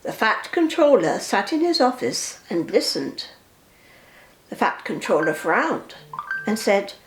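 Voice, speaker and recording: An older woman reading a children's story aloud to a grandchild in a slow, expressive way. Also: medium pitch, roomy sound.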